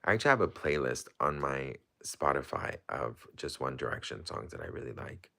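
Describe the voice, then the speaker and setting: A man's voice: a bass voice, lively intonation, moderate pace, creaky, pushed and bright. A man hosting a casual livestream, rambling through viewer questions with lots of fillers and restarts. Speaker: livestream host. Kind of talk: casual livestream chat, answering viewer comments.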